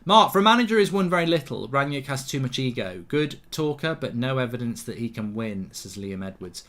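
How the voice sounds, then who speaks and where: A man hosting a live football watchalong, bluntly reacting to the match and reading viewer comments aloud, his voice jumping up when play excites him. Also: mid-range voice, fairly quick. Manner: blunt, swears casually, rants at the referee. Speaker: host.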